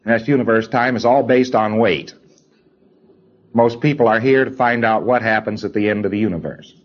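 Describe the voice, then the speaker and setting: Lower-voiced man lecturing on an old lo-fi tape. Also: moderate pace. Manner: emphatic, repeats phrases, mimics hesitant people. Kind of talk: lecture to trainees.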